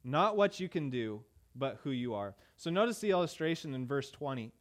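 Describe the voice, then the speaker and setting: A pastor preaching a sermon in a conversational way, with many "uh" fillers and emphatic repeated phrases. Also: male voice, mid-range voice, big pitch swings, normal speed. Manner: emphatic rhetorical repetition.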